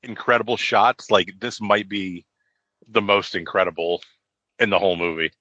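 A man's voice: lowish voice, moderate pace, bright, forceful tone, no echo, highs cut off. A man in casual conversation about a film, talking enthusiastically with many fillers. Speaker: podcast co-host.

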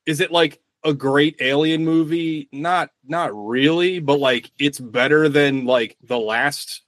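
A man with a slightly raised voice chatters excitedly about films, scattering filler words and curses as he goes. The sound is dry and close, with no room around it. He keeps jumping between thoughts mid-sentence. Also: fairly high pitch, slow, no room sound. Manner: excitable, profane, lots of filler "like". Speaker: podcast co-host. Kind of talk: casual movie podcast chat.

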